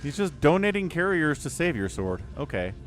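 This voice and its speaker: A man's voice: fairly high pitch, very animated, normal speed, soft background music. A man giving casual, playful live commentary on a strategy game, reading out players' chat lines in mock voices. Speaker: game caster.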